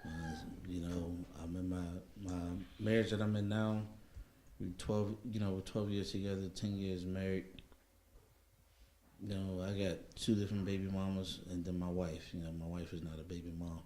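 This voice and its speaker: A middle-aged man with a lowish voice talks through his experiences in an easy, reflective way. He is recorded in an echoey room with a faint hiss behind him. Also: flat delivery, normal speed, mellow. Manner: reflective, storytelling, repeats "you know what I mean". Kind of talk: casual chat.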